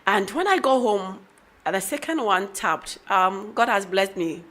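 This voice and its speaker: Bright-voiced woman telling her story. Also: medium pitch, measured pace. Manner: animated storytelling, acting out dialogue. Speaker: guest. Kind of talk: personal story on a radio talk show.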